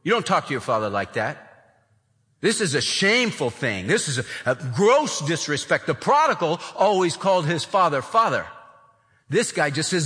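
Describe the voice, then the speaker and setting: A male preacher with a bright, ringing voice that swings widely up and down as he preaches. He slips in and out of acted voices of the people in his story. His words carry a long echo, as in a large hall. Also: on the high side, big pitch swings, moderate pace. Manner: acts out the older son's complaints in voices. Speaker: pastor. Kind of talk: sermon.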